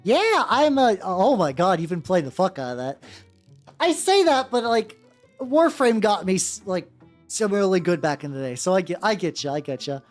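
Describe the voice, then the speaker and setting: A woman's voice: mid-range voice, sing-song, moderate pace, soft background music. A woman chatting casually on a miniature painting stream, rambling with many restarts and some swearing. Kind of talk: casual livestream chat.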